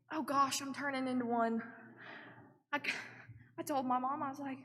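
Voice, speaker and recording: A woman's voice: high-pitched, fairly even intonation, moderate pace, long pauses, fairly bright tone. Chatty young woman in a church hall. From Oklahoma. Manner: chatty, acts out her own quotes, many "like" fillers. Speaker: missionary giving a report. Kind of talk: storytelling church talk. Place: church sanctuary.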